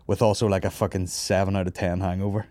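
A man's voice: low-pitched, flat delivery, quick pace, dark tone, dry recording, studio quality. A Northern Irish man in his thirties hosting a comedy podcast, telling a long, sweary story and laughing his way through it. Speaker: podcast host. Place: studio office.

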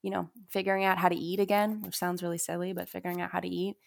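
A young woman with a gravelly, slightly low voice speaks candidly in an interview. She tells her story in a confessional, unpolished way, leaning on "you know" and "like" as she goes. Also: level tone, fast. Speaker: musician guest.

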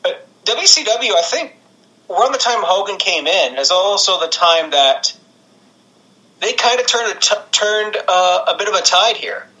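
A man co-hosting a casual podcast with a very bright, sharp voice pitched a little high. He chats loosely, laughs often, and restarts his sentences as he goes. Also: expressive, a little slow, poor audio. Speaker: podcast co-host. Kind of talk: casual chat.

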